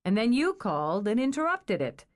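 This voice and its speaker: A woman's voice: a little high, sing-song, normal speed. A woman reading aloud, voicing a blunt, dry-humored young woman.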